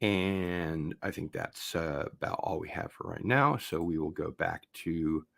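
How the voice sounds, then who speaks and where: A man hosting a casual unboxing video, chatting in a relaxed, rambling way and getting excited about vinyl records. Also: low-pitched, a little slow, gravelly. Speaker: host.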